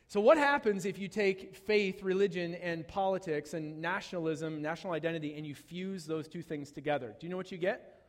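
A man preaching a sermon, animated and conversational, with jokes and asides to the congregation. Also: on the high side, in a large hall. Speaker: pastor.

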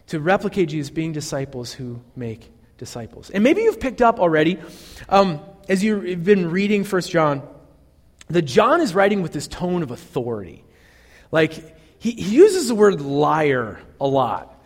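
A man's voice: high voice, very animated, a little slow, long reverb tail. A male pastor preaching a sermon in an earnest, conversational way, full of fillers and restarts.

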